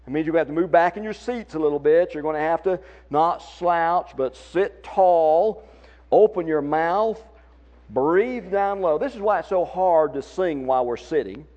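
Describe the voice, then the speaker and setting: Man, Southern accent, song leader, encouraging, folksy, slightly high voice, muffled recording. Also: warm tone. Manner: folksy, encouraging, demonstrates voice techniques. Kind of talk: singing workshop instruction.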